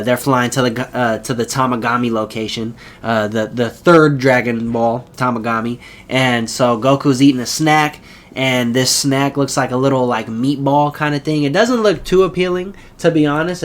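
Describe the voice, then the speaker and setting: Casual rambling man recapping an episode. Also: medium pitch. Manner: loose, rambling retelling with quick character voices. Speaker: anime reviewer.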